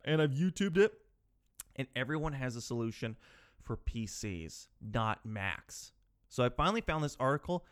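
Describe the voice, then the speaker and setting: A thirty-year-old man with an expressive mid-range voice hosts a solo podcast at a moderate pace. Using a podcast microphone, he rambles, mocks himself, and grows exasperated the longer he talks.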